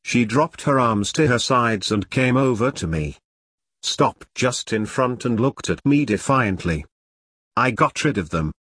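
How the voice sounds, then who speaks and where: A man reading a story aloud in a flat, machine-like way, speaking the punctuation marks as words. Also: medium pitch, a little slow, husky. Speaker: reader. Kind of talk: machine-read story narration.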